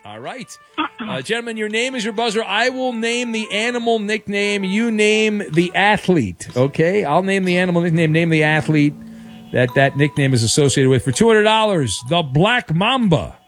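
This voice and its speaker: Man, radio sports host, fairly high voice, jokey and upbeat, faint music underneath. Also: expressive. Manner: jokey, upbeat, quick asides. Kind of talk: radio show with call-in game segment.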